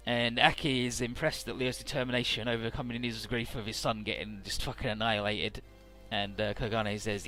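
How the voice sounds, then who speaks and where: A man's voice: medium pitch, steady tone, fairly quick, hardly any pauses, sharp tone. A man giving casual, irreverent let's play commentary, swearing and stumbling over odd names. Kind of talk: casual game commentary, reading dialogue aloud. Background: faint game music.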